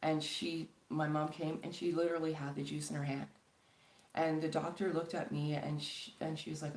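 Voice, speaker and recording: A woman from Canada speaks on a casual live stream, earnest and pleading, with rambling sentences full of fillers. Her voice sits a little low, and it rings in an echoey room. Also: level tone, moderate pace, a little mellow, slight background noise. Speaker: spiritual channel host.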